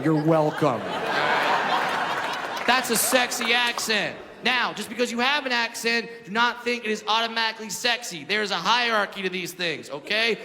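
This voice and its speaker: A man on a comedy club stage, telling his story in brash, punchy bursts. His voice runs high for a man. The room rings with reverb, and loud crowd laughter fills the gaps. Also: moderate pace, heavy background noise. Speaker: stand-up comedian. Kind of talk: stand-up comedy routine. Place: comedy club stage before a large audience.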